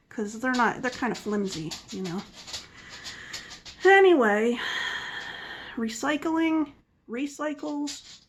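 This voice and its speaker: A woman's voice: on the high side, slight background noise. Woman, middle-aged, mixed Philadelphia and Southern US accent, casual vlog chat, rambling, self-mocking. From Philadelphia area, USA. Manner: rambling, chatty, laughs at herself. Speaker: vlogger.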